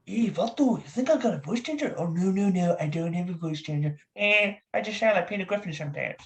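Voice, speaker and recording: A man's voice: high voice, animated, fairly quick, fairly bright tone, voice pushed up. A man voicing a swaggering young street-slang guy who talks in a cheerful, teasing way.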